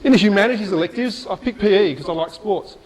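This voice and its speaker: A middle-aged man giving a motivational speech, telling a personal story in a lively, chatty way with asides. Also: high-pitched, fast talker, poor audio. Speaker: motivational speaker.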